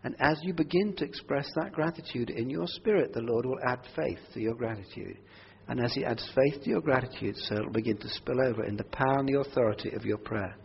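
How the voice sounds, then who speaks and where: A man preaching a sermon to a church congregation, earnest, moving between quiet prayerful asides and loud emphatic declarations. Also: medium pitch, brisk, creaky, hardly any pauses, slight background noise. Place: church hall. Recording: dull audio with long hall reverb.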